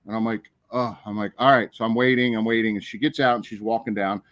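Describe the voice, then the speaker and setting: A man telling a story in casual chat on a podcast, animated and profane, acting out the people in it. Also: lowish voice, quick pace, dry recording. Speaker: podcast co-host.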